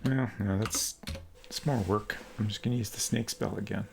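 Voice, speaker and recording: A man's voice: lowish voice, fairly even intonation, normal speed, vocal fry, noisy background. A man streaming a retro computer game, thinking aloud in a hesitant, musing way as he plays. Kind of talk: casual let's-play commentary.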